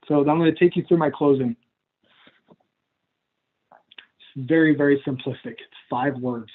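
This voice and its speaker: A man's voice: on the high side, steady tone, a little slow, long pauses. A man teaching coaching skills on a video call in a casual, chatty way, acting out client conversations. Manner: casual, chatty, laughs at himself, acts out client dialogue. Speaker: coach trainer. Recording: tinny phone-like call audio.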